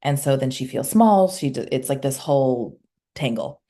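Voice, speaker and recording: A woman's voice: a bass voice, expressive, normal speed, dark tone. A woman, a somatic healer guest on a podcast, recounting client sessions in casual conversation and acting out the dialogue.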